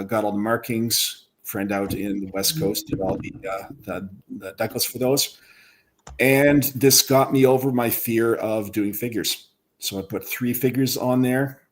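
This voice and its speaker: A man chatting as a guest on a livestream, telling his story in a relaxed, self-deprecating way. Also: lowish voice. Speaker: guest model builder. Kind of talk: casual chat on a livestream.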